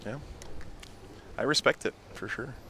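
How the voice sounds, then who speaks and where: A man's voice: medium pitch, a little slow, pushed and bright. A man co-casting a live tabletop tournament, chatty and agreeable. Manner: friendly, agreeable banter. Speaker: co-caster.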